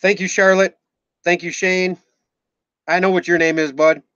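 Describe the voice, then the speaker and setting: A man's voice: high voice, level tone, moderate pace, a bit bright, smooth, dry recording. A man in his forties from Minnesota, with a Minnesotan accent, chatting casually on a live stream, rambling and joking, swearing now and then and thanking viewers by name. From Minnesota, USA. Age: 40s. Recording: slightly muffled, dull sound.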